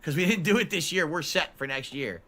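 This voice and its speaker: A man's voice: on the high side, expressive, brisk, noisy background. A man chatting casually on a stream, answering chat messages in a musing, talkative way.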